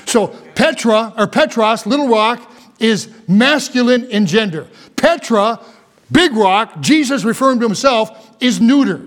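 High-voiced man preaching a sermon. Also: unhurried. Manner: animated preaching with asides and restarts. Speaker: pastor.

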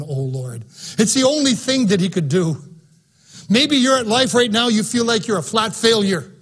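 A man preaching a sermon in an auditorium, fervent and emphatic, swinging between soft and loud passages. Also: high-pitched, husky. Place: auditorium, live-streamed.

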